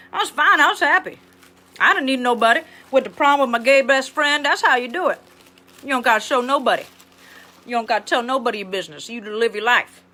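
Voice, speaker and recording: A woman's voice: on the high side, pushed and bright. A woman playing a brassy, blunt ex-teacher. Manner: sassy, rambling, blunt. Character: brassy blunt middle-aged female ex-schoolteacher. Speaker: comedic livestream host character. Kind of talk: improvised character monologue.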